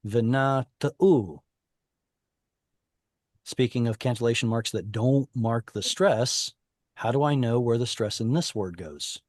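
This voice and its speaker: A man's voice: medium pitch, no echo, clean studio sound. A man teaching an online Hebrew class, explaining informally with many fillers and restarts over a video call.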